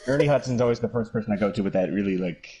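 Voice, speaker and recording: A man's voice: lowish voice, rapid-fire, very noisy. A man chatting casually and joking about himself while playing a game with a friend. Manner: joking, self-mocking. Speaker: co-player. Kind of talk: casual gaming chat.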